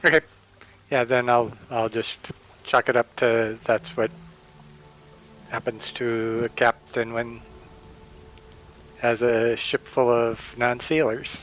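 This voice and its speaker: A man's voice: mid-range voice, flat delivery, takes it slowly, long pauses, fairly bright tone, soft background music, poor audio. A man playing a tabletop game, talking casually and thinking aloud with hesitant questions. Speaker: player. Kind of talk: casual chat.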